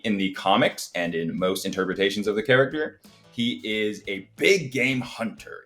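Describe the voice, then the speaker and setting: A man's voice: mid-range voice, a bit bright. Scornful male podcast host, faint music behind. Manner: scornful, opinionated critique. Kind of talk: casual podcast chat.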